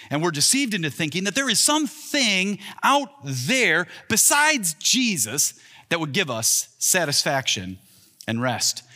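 A man in his thirties preaches an earnest sermon as a pastor in a sharp, high-leaning voice. He gives the quoted lines more lift, rising as he acts them out, and a large hall adds long reverb.

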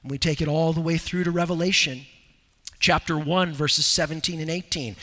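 Male preacher, bright forceful tone, expository sermon, church hall with long reverb. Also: fairly even intonation, normal speed. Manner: swings from loud, urgent exhortation to low, quiet earnestness. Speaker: pastor. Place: church sanctuary.

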